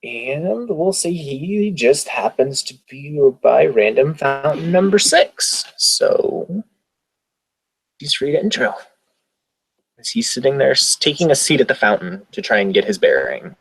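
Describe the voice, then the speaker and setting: A man's voice: medium pitch, very animated, a little slow, creaky, husky, dry recording, poor audio. A man playing a tabletop game, describing his character in a rambling, self-correcting way. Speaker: player.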